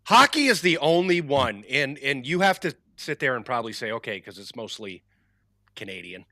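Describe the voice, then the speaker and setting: An animated man with a bright, edgy voice that leaps around in pitch. He trades scornful, sweary remarks in casual talk. The mic is close and dry. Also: moderate pace, dry recording. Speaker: podcast co-host. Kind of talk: casual banter.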